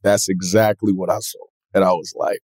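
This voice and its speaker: A man being interviewed, telling stories in a relaxed, lively way and acting out other people's voices. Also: low voice, normal speed, breathy edge, no room sound, clean studio sound. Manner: animated, acts out voices in his stories. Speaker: comedian guest. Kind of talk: casual interview storytelling.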